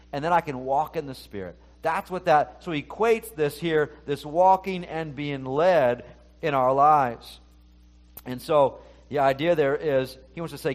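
A man's voice: on the high side, moderate pace. A middle-aged male pastor giving a conversational sermon, talking to the congregation and acting out the inner voices he quotes.

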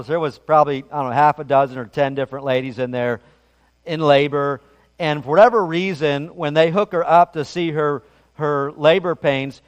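Middle-aged male pastor, slightly high voice, conversational sermon, long hall reverb. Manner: conversational storytelling preacher with frequent restarts.

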